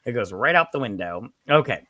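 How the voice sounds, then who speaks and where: Bright-voiced man recapping a movie. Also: medium pitch, big pitch swings, brisk, dry recording, clean studio sound. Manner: rambling, retells scenes with quoted voices and swearing. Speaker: movie review co-host. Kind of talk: casual drunk movie review chat.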